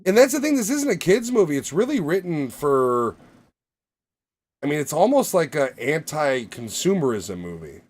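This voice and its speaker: Animated swearing podcast guy. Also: fairly high pitch, normal speed. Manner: animated, swears freely, rambling storyteller. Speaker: podcast co-host. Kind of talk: casual chat.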